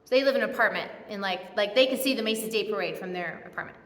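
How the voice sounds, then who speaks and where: A woman's voice: medium pitch, fast talker, fairly bright tone. A woman giving a casual sermon, retelling a movie plot in a chatty, laughing, self-correcting way in a church. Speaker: speaker at a church. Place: church sanctuary. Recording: echoey hall with long reverb.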